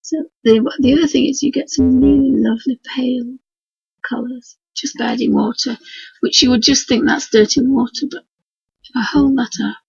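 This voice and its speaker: Woman, Yorkshire accent, hoarse croaky voice, very raspy, homely rambling painting tutor, dull lo-fi stream audio. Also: sits high, fairly even intonation, moderate pace, a little mellow, no room sound. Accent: Yorkshire English. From Yorkshire, England. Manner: homely, rambling, talks to her dog and viewers. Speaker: craft tutor streaming live. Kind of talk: chatty live painting demonstration. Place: at home at her work desk. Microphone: computer mic for a live stream.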